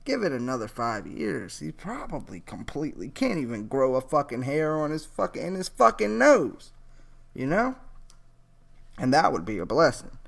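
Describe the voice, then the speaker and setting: A man's voice: a little high, wildly swooping pitch, moderate pace, creaky. A man giving casual, rambling reaction commentary on a TV clip, profane and incredulous.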